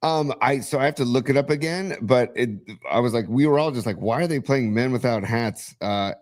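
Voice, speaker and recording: A man co-hosting a sports talk stream, halting and trailing off, then bursting into excited rants. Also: mid-range voice. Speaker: podcast co-host. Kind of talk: casual sports chat.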